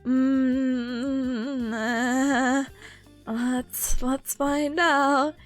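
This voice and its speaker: A woman's voice: high-pitched, flat delivery, extremely slow, soft background music. A woman streamer chatting casually with her viewers, bubbly and giggly, often gushing. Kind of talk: casual chat with chat readers.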